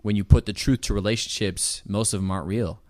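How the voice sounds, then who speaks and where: A man co-hosting a podcast, talking things through in a measured, reflective way with wry asides. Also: lowish voice, fairly even intonation, darkish tone, no echo, studio quality. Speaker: podcast co-host. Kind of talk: casual chat.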